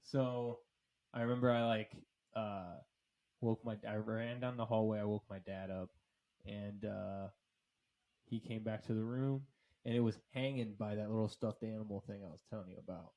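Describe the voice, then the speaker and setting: Laid-back, lower-voiced man telling stories. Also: fairly even intonation, normal speed, warm tone. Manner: rambling storyteller, swears freely, laughs often. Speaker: podcast co-host. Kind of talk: casual chat.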